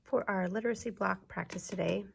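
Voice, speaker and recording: A woman teacher giving a video lesson to young children, sounding out words slowly and clearly. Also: medium pitch. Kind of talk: early-grades classroom video lesson.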